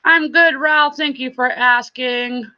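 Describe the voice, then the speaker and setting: Bright-voiced chatty woman streamer. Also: high voice, steady tone, slow pace, lo-fi sound. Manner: chatty, warm greetings to viewers, laughs often. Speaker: live-stream host and reseller. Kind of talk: casual live-stream chat, reading viewer comments.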